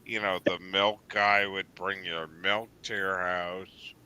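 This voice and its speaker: A man's voice: deep voice, level tone, slow pace, pushed and bright, clean tone. A man from New England hosting a casual livestream chat, rambling with lots of fillers and swearing freely. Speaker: livestream host.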